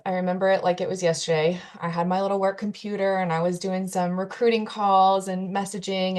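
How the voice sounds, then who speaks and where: Earnest woman with a lower voice recounting a hard story. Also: a little mellow. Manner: earnest, emotional retelling with quoted dialogue. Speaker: guest telling her story. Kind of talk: personal storytelling in an interview.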